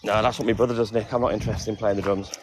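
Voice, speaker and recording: Music runs in the background as this fifty-something milkman from England livestreams from his phone, chatting casually and calling out viewers by name. He talks very fast in a lowish voice with little pitch movement, and there's background noise.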